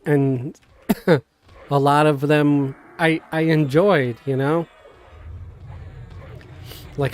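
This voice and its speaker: New guy on a game stream, kinda high voice, lots of uh and restarts, bit of a cough. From Queens, New York. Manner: halting, many fillers and restarts, animated. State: coughing now and then. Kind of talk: casual live-stream chat. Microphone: desk mic, sometimes knocked.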